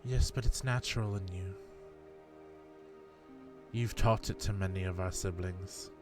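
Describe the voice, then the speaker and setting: A man's voice: low-pitched, unhurried, music in the background. A man acting as game master in a live-streamed tabletop game, asking earnest, probing questions in character.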